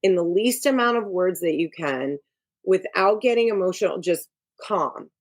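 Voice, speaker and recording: A woman's voice: on the low side, expressive, normal speed. A middle-aged woman, an executive coach, talking frankly and emphatically as a guest in a casual interview. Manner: frank and emphatic, giving advice.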